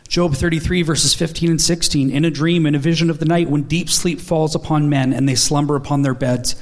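A man's voice: a little high, steady tone, moderate pace. A man in his thirties preaching an earnest, storytelling sermon, acting out the dialogue in his stories.

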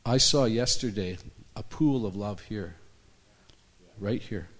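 Man, low voice, sermon, church, lively storytelling, acts out characters. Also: slow pace. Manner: storytelling, acts out the people in his stories. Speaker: preacher.

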